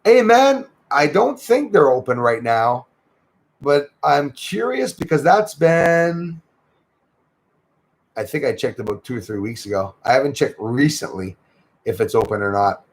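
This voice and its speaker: Gravelly Quebec man chatting on livestream. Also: mid-range voice, big pitch swings, a little slow. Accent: Québécois French. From Quebec, Canada. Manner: chatty, thanks viewers by name, lots of fillers. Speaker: livestream host. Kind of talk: casual livestream chat reading comments.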